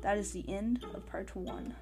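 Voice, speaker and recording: Storyteller reading over music. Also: female voice, mid-range voice, moderate pace. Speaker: podcast host and storyteller. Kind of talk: storybook narration.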